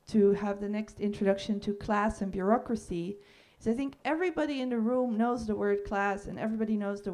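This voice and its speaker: A woman's voice: mid-range voice, warm tone. A woman moderating a panel discussion, introducing the next speaker in a hesitant way with many fillers. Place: room with audience.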